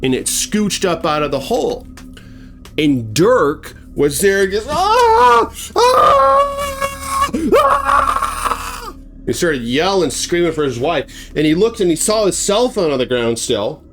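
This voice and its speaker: Man narrating a horror tale, lively pitch swings, fairly high voice, loose, rambling delivery. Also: normal speed, over music. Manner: rambling, with fillers and restarts, chuckling asides. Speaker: horror storyteller. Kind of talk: casual spoken horror storytelling.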